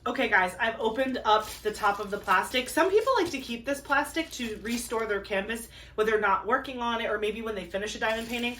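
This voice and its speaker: A woman crafting vlogger chatting casually to camera while unboxing, gushing and excitable with lots of fillers. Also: on the high side, brisk, hardly any pauses. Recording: a bit distant from the mic, faint ambient noise.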